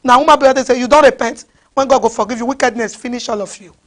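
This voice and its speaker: A woman's voice: fairly high pitch, steady tone, very fast. A woman with a Nigerian accent preaching a fiery sermon, scolding her listeners with repeated rhetorical questions.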